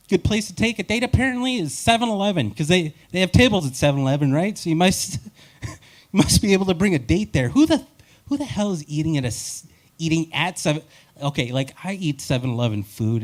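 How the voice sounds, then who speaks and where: Wry rambling male stand-up comic. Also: on the high side. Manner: wry, rambling and self-deprecating. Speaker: stand-up comedian. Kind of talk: live stand-up set.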